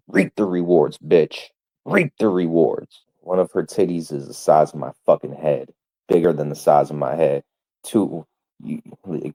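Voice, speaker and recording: A man's voice: rumbling low, warm tone. A man livestreaming an angry, profane rant, hammering the same insults over and over.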